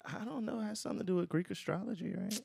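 A man co-hosting a podcast, chatting casually in a rambling, animated way and swearing freely. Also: high voice, rapid-fire, vocal fry, slightly rough, dry recording, clean studio sound. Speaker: podcast co-host. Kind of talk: casual chat.

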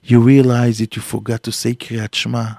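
A man giving a Torah class as a rabbi, telling stories with lively acted quotes and grammar. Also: medium pitch, normal speed, vocal fry, no echo, clean studio sound. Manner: animated storytelling with acted quotes, non-native English grammar.

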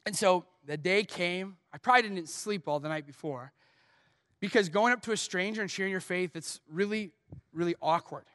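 A man's voice: high-pitched, moderate pace, a bit bright, clean studio sound. A male pastor preaching a sermon, telling a personal story and building to impassioned urging. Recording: long hall reverb.

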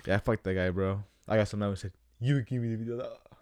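A man's voice: on the low side, fast, darkish tone, dry recording, studio quality. A young man in casual chat with a friend, telling a slangy, swearing story and acting out the lines he quotes.

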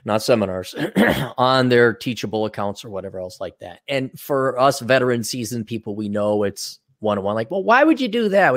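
A man's voice: medium pitch, no room sound, studio quality. A man co-hosting a casual podcast, telling stories and acting out quoted voices. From United States. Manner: animated, acts out quoted voices. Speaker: podcast co-host.

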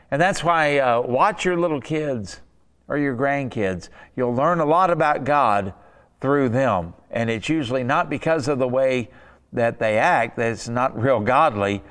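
A man's voice: medium pitch, smooth. Folksy preacher man in a reverberant hall. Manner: folksy storytelling with rhetorical questions. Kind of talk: sermon.

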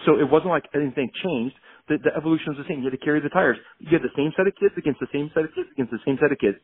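A man speaking as a podcast guest, a doctor telling energetic, emphatic stories with quoted dialogue. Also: fairly high pitch, very fast, slightly rough. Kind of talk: casual podcast interview. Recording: phone-like remote call audio.

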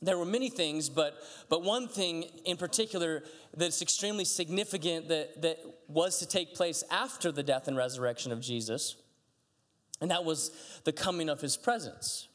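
A man's voice: fairly high pitch, moderate pace, fairly bright tone. A man, a pastor, giving a chatty, conversational sermon, telling stories animatedly with frequent restarts. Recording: long hall reverb.

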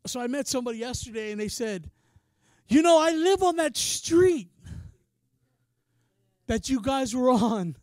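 High-voiced passionate male preacher. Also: lively intonation, a little slow, pauses often, dry recording, clean studio sound. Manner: passionate, swings from quiet to shouting; casual, says "man" often. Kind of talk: sermon.

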